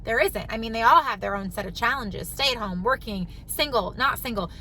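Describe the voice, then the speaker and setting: Bright high-voiced chatty woman in car. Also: brisk, slight background noise, low-quality recording. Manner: chatty, emphatic, repeats key phrases. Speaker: vlogger, mom and business owner. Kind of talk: casual talk to camera. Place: parked car.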